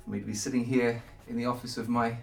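A man's voice: medium pitch, flat delivery, quick pace, gravelly, darkish tone, reverberant, far from the mic, a little hiss or hum. A man hosting a podcast, chatting in an office and asking short, curious questions in a friendly way. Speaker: podcast host. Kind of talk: casual interview chat.

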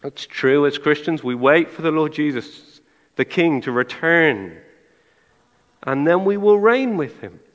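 A middle-aged man preaching to a congregation, his fairly high voice trailing off into the long echo of a church hall. He talks in a relaxed, conversational way, throws rhetorical questions at his listeners, and slips in dry, sarcastic humor. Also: a little slow. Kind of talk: sermon.

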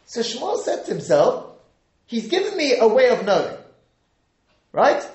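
A man teaching a live Torah class, acting out the speakers he quotes and often correcting himself mid-sentence. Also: sits high. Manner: lively, dramatizes quoted speakers, frequent self-corrections. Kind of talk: live Torah study lecture. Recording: roomy echo.

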